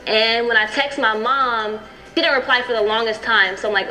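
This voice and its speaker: A woman's voice: on the high side, normal speed, bright, forceful tone, soft background music, poor audio. A young adult woman recounting personal events in a documentary interview, with frequent "you know what I'm saying".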